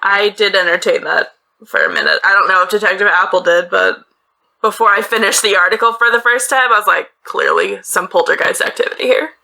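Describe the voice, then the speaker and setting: A woman's voice: mid-range voice, animated, fairly quick, vocal fry, bright, forceful tone. A woman hosting a podcast, telling a true-crime case in casual, chatty talk with laughing asides. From northeastern United States. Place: small closet-like bedroom.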